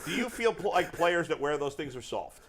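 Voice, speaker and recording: A man's voice: a little high, very animated, brisk, a bit bright, slight background noise. A man hosting a sports show, asking playful questions in a comedic sports chat.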